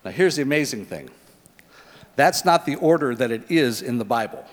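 A middle-aged man preaching a sermon in a lively, conversational way, asking his listeners questions. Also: medium pitch, normal speed, big-room sound. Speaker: pastor.

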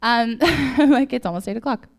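A woman's voice: a little high, normal speed. Chatty woman leading a youth group. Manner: chatty, lots of "like" and "right?". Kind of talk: casual faith talk.

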